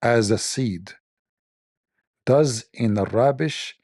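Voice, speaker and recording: A man's voice: mid-range voice, slow pace, darkish tone, no room sound, studio quality. A man hosting a mocking commentary on religion, sarcastic, repeating his phrases and laughing at his own jokes. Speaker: show host.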